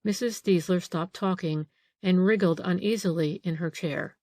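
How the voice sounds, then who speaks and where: A woman narrating a mystery audiobook in an even, measured reading. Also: on the low side, no echo, clean studio sound. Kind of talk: scripted narration.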